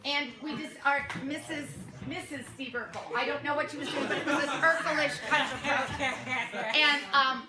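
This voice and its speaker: A woman directing a youth theater show, talking casually to her cast with warm praise, much laughter and many fillers. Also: high voice, steady tone, normal speed, over a noisy crowd. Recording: echoey room, noisy.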